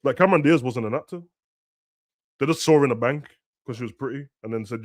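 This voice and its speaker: A man's voice: medium pitch, quick pace, dry recording, studio quality. Slangy young man, ranting. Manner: ranting, slangy, bursts of shouting. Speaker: streamer hosting a football watch-along. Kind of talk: casual chat over a live match.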